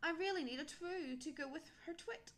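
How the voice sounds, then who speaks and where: A woman voicing a hopeful, eager young female owl in a children's story reading, high and excited. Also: normal speed.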